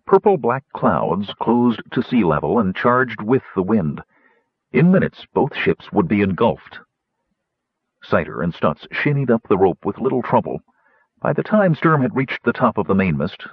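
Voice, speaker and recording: A male narrator tells an adventure tale in a low, husky voice that rises and falls with lively inflection. The recording is dry and close, though a little dull and lo-fi. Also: dry recording. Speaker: audiobook narrator. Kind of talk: scripted fantasy narration.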